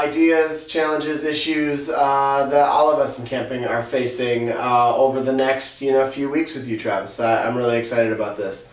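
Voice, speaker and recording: A man hosting a podcast and telling a story in a casual, halting way, stopping often for filler sounds. His voice sits a bit high for a man and carries a roomy echo, as though he is some distance from the mic. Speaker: podcast host.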